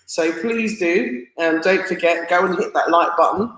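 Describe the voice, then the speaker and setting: Woman, live stream host, chatty and excitable, reads out viewer comments, roomy echo. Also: fairly low pitch, measured pace, few pauses. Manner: chatty and excitable, laughs often, stumbles over names. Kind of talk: casual live stream chat.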